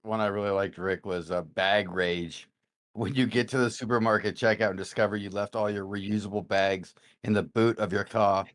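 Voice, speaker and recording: A man's voice: fairly low pitch, steady tone, normal speed, fairly bright tone. A man in a casual stream chat, stumbling and repeating words as he starts a joke.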